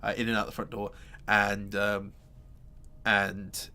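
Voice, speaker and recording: Bright-voiced game master. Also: male voice, lowish voice, completely flat delivery, slow pace. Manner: hesitant, many fillers and restarts. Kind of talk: narrating a tabletop game.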